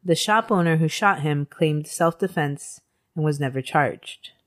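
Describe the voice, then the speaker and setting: A woman's voice: sits low, unhurried. A woman co-hosting a podcast, telling a true-crime story in a casual way, with swearing and laughter. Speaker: podcast co-host.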